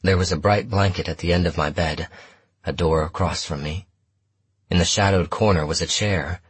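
A man narrating a first-person story in a measured, steady audiobook reading. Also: deep voice, husky, no room sound.

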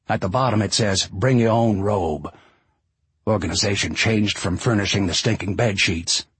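A man with a husky voice playing a bitter, foul-mouthed ex-bus driver, ranting and sarcastic. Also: on the low side, normal speed, no echo. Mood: scornful. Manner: angry, sarcastic, swearing.

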